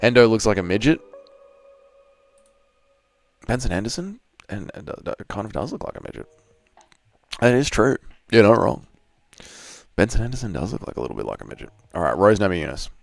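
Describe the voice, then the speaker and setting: A low-voiced Australian man talks loosely and profanely to his livestream chat. His voice is deep and gravelly, with faint music underneath. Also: big pitch swings, a little fast, long pauses, no room sound. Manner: crude, profane banter, reads out chat. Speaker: streamer.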